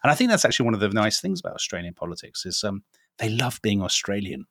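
A man's voice: lowish voice, lively intonation, fast, a bit bright. A man co-hosting a casual history podcast, chatty and hesitant, with wry asides. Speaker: podcast co-host.

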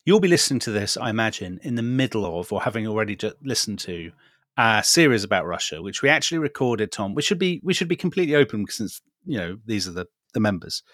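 A middle-aged man co-hosts a casual podcast chat. His voice sits low and is recorded close and dry, with no room around it. He talks in a measured, wry way and pauses as he thinks. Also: sing-song, a bit bright, no room sound. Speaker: podcast co-host.

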